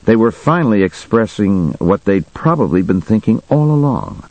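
A man narrating a first-person audiobook in a measured, matter-of-fact way. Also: fairly low pitch, big pitch swings, darkish tone, dry recording, rough recording.

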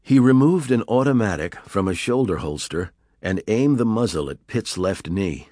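A man narrating an audiobook thriller in a measured, even storytelling manner. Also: lowish voice, dry recording, clean studio sound. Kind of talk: scripted narration.

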